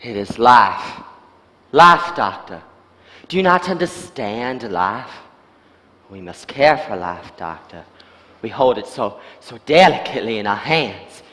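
Man acting out a volatile asylum madman, sly and unhinged, slow drawl, wildly swooping bright voice, long theatre reverb. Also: medium pitch, lively intonation, slight background noise. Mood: menacing. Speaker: stage actor. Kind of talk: live stage acting. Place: theatre stage.

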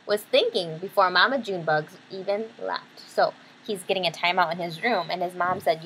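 Breathy woman reading a picture book aloud. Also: lowish voice, moderate pace, hardly any pauses, fairly bright tone, poor audio. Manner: chatty, explains the story between pages. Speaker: reader.

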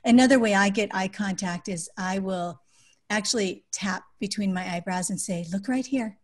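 A woman being interviewed on a podcast, explaining parenting ideas through practical examples. When she quotes phrases she would say to a child, her voice drops to a soft, calm tone. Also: mid-range voice, moderate pace. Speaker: guest, adoptive parent and author.

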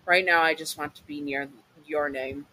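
A man reading the lines of a gentle, protective male imp jester in a soft, reassuring way within a story. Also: a little high, steady tone, moderate pace, rough recording.

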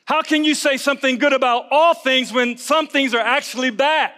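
Bright-voiced man preaching in a large hall. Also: very high-pitched, normal speed. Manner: emphatic, repeats key phrases, gets the audience to say words back. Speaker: pastor. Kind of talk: sermon at a conference. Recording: long reverb of a large hall.

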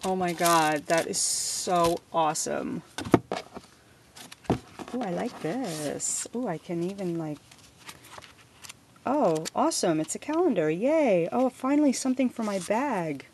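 A woman with a gravelly, slightly low voice gushes over each item as she unboxes a gift package at her home desk. Her home recording has steady background noise, with paper crinkling behind her words. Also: a little slow, pauses often. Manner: gushing, effusive thanks. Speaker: crafting vlogger.

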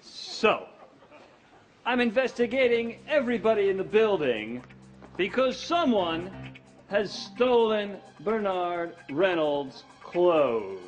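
An actor playing a pompous, bumbling police detective in a sitcom for English learners, speaking slowly and theatrically. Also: male voice, sits high, lively intonation, dull audio, soft background music. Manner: slow, theatrical, self-important.

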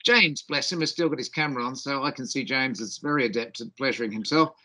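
A man's voice: medium pitch, fast talker, bright, forceful tone. A middle-aged man with a faint Australian twang, giving a cheeky, jokey conference keynote as a doctor over a video call. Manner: cheeky, jokey, self-deprecating.

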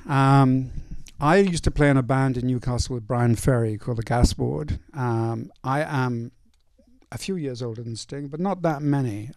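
An older male film director in a casual stage Q&A, telling anecdotes in a relaxed way with many fillers. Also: mid-range voice, vocal fry, no room sound, studio quality. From North East England. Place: cinema auditorium.

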